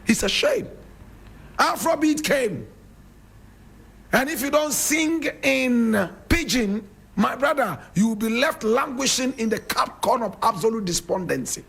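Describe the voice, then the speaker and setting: A Ghanaian man with a Ghanaian English accent speaks in a raised, gravelly voice, preaching at his listeners like a fired-up radio host. His tone is husky and rough at the edges. He keeps calling his audience brother and sister. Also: extremely high pitch, expressive, unhurried, a bit bright. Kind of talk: impassioned radio monologue.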